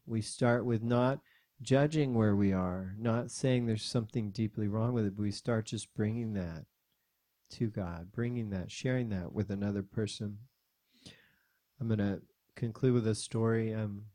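A man's voice: lowish voice, dark tone, no room sound, studio quality. A man telling a story in a sermon, conversational and self-deprecating, with frequent filler words. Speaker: preacher.

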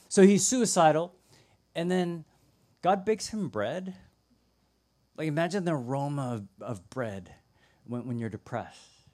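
A young man preaching a sermon, telling stories with lively acted-out voices and sudden drops to a hushed tone. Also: fairly high pitch, unhurried, pauses often. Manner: animated storytelling, acts out voices, drops to a hush. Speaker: pastor.

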